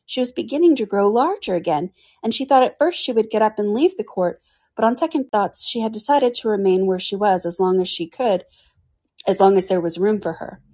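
Brief: woman storyteller, breathy-husky tone, steady read-aloud. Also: medium pitch, brisk. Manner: clears throat now and then. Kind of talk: reading a classic storybook aloud.

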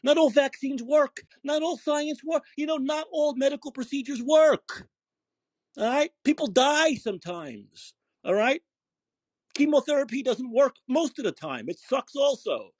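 A man's voice: very high voice, animated, measured pace, no echo. A man hosting a call-in podcast, ranting angrily and swearing heavily. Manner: profane, ranting, emphatic. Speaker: podcast host. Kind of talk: angry call-in show rant.

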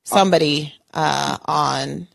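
A woman hosting a casual podcast chat from home over a call app, rambling and self-interrupting, jumping from loud outbursts to quiet mumbles. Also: sits low, fairly even intonation, slow, gravelly. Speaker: podcast host. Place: home apartment. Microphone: remote call audio.

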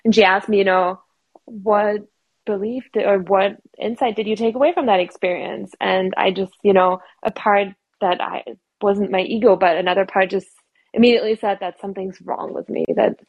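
A woman's voice: medium pitch, fairly even intonation, normal speed, slightly rough, lo-fi sound. A woman in her thirties, a podcast guest, telling a personal story in an earnest, reflective way.

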